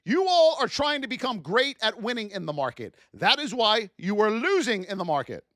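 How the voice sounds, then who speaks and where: A man's voice: high-pitched, sing-song, moderate pace, a bit bright, dry recording, clean studio sound. A man teaching a live trading class, speaking animatedly to his chat and acting out traders' frustrated self-talk. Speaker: trading instructor.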